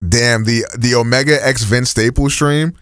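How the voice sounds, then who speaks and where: A man's voice: medium pitch, fairly even intonation, moderate pace, fairly bright tone, clean tone, dry recording. A man talks loosely to his live chat in a mid-range voice, dropping swear words and slang as he rambles between thoughts. The sound is dry and close, with no room around it. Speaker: streamer. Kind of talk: casual live-stream reaction chat.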